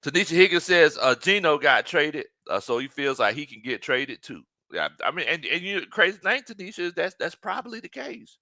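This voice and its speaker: A man hosting a sports talk show, joking in an animated, casual way and mimicking players. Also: fairly high pitch, brisk, few pauses, dry recording.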